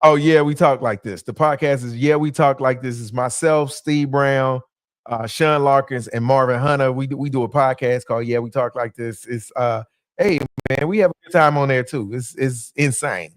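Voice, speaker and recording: A man's voice: mid-range voice, moderate pace, no room sound, clean studio sound. A man, a comedian guest chatting casually on a podcast with lots of fillers and jokes. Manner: laid-back, joking, many fillers.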